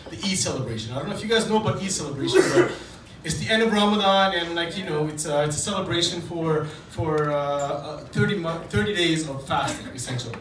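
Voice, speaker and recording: A Djiboutian comic tells profane, self-deprecating stories to a laughing live crowd in a comedy club, keeping it casual. Recorded from afar in the echoey room, his voice lands on the high side amid loud, noisy ambience.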